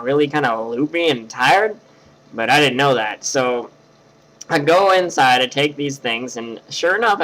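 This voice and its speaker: A man's voice: on the high side, low-quality recording. Rambling young man telling a story. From Tennessee. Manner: rambling, animated, filler-heavy. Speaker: vlogger. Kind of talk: casual storytelling to webcam. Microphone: webcam.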